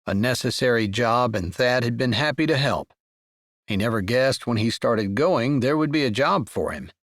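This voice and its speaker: A man narrating a romance audiobook in an expressive storytelling voice. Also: medium pitch, moderate pace, dry recording, studio quality.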